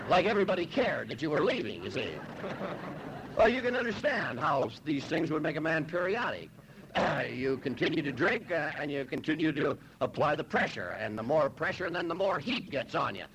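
A man from Los Angeles shares his personal story at a recovery meeting, in a fairly high voice with a lively, swooping pitch. His delivery is wry and self-mocking, with frequent "you know"s and throat clearing. A faint hiss of noise sits under the recording. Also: poor audio. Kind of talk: humorous personal testimony.

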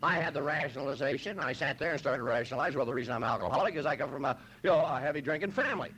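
A man from Los Angeles telling his own story at a recovery meeting, wry and self-mocking, often saying "you know" and clearing his throat. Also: medium pitch, rapid-fire, pushed and bright, a little hiss or hum, low-quality recording. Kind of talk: humorous personal testimony.

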